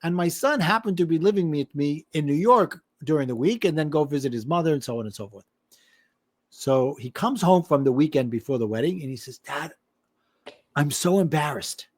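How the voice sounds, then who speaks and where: A middle-aged life and business coach tells a personal story during a podcast interview, animatedly acting out the voices of the people in it. His voice is on the high side and his pace a little fast.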